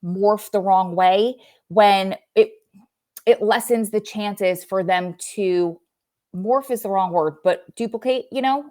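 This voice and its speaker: A woman's voice: mid-range voice, slow pace, warm tone. Young woman rambling on a livestream, chatty, loses her point sometimes. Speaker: livestream host. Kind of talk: casual livestream chat.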